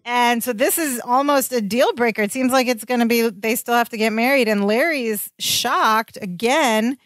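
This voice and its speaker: A woman's voice: on the high side, normal speed, fairly bright tone, no room sound, clean studio sound. A woman co-hosting a podcast, casually recapping a sitcom episode and acting out the characters' lines. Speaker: podcast co-host.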